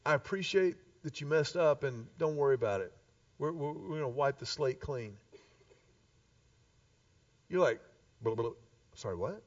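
A man preaching a sermon, an animated storyteller who acts out the voices of the people in his stories. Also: on the high side, moderate pace, pauses often, dry recording. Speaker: pastor. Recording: distant dull live recording.

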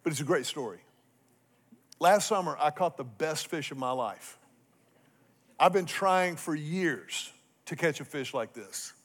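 A middle-aged man preaching a sermon as a pastor, telling a story with humor and animated swings between loud and soft. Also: on the high side, a little slow, pauses often.

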